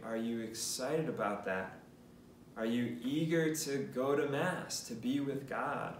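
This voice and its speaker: A man's voice: mid-range voice, a little hiss or hum. A man, a priest, teaching a lesson in an earnest, casual way, asking the listener questions. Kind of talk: conversational teaching talk. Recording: roomy, mic at a distance.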